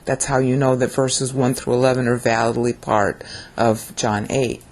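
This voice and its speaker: A woman's voice: a bass voice, fairly even intonation, moderate pace, a little mellow. A woman giving a casual video Bible lesson, talking conversationally and often checking in with "okay?". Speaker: Bible teacher.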